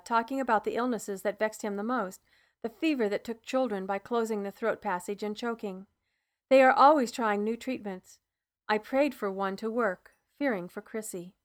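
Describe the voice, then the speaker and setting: Woman, audiobook narrator, first-person, measured, soft, fairly high voice. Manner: measured, soft, hushed at dialogue tags.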